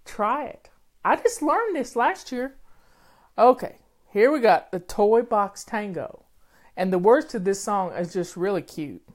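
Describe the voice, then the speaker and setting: A little slow, with lively intonation and a darkish mid-range voice, an older woman chats casually and folksily with viewers as a home-organizing host. Faint music plays as she talks over it live.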